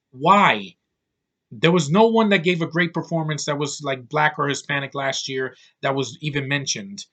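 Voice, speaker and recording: A man's voice: a little high, lively intonation, normal speed, a bit bright. Blunt, rambling man in his thirties. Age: 30s. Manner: blunt, profane, rambling with many fillers. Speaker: movie reviewer. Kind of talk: casual rant-style film review.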